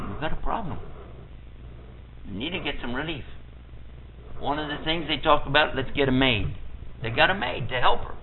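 An older man preaching a storytelling sermon, vividly telling a family story and acting out the people in it. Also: on the high side. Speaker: Islamic preacher. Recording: tinny phone-like lo-fi recording, faint hiss.

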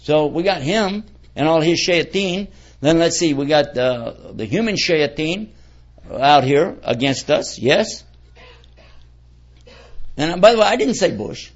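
A man's voice: a little high, expressive, unhurried, long pauses. Folksy man preaching, lo-fi recording. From United States. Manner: folksy, keeps quizzing the audience. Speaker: Islamic preacher. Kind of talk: conversational lecture to an audience. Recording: dull lo-fi recording.

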